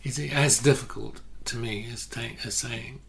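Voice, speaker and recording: An older man, a photographer telling stories in a relaxed interview, often restarting his sentences. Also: mid-range voice, measured pace, creaky. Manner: anecdotal, self-correcting, many restarts. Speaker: guest photographer. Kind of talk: casual interview chat.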